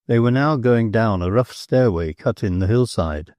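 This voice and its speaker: A man's voice: on the low side, moderate pace, a little mellow, no room sound, clean studio sound. A man reading a novel aloud as an audiobook narrator.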